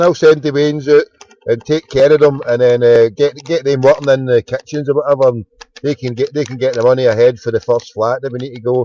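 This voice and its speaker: A man's voice: medium pitch, darkish tone, dull audio. A Glaswegian man hosting a late-night phone-in show, chatting and joking in a rambling way and stumbling over his words. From Scotland. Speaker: radio phone-in host. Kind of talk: casual chat.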